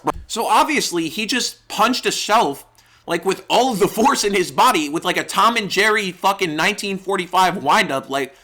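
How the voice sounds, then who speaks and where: Bright-voiced young man telling a story. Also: high-pitched, animated, moderate pace. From New York. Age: young adult. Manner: profane, exaggerated, rambling comic storytelling. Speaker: YouTuber. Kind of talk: comedic storytime narration.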